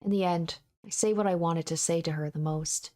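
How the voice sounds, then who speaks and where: A woman narrating a visual novel aloud in a soft, steady, measured voice. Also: on the low side.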